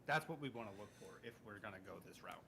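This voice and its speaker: A man's voice: on the low side, expressive, fast talker, bright, forceful tone, a little hiss or hum. A man playing a tabletop game, a little drunk and slurring, rambling through recaps and correcting himself. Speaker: player. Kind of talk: casual tabletop game chat.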